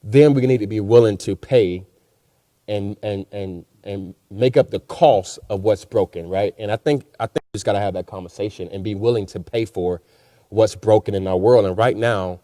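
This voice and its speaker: A man's voice: on the low side, normal speed, dark tone, no room sound, studio quality. A man speaking as a panelist in a discussion, earnest and encouraging, with many repeated words.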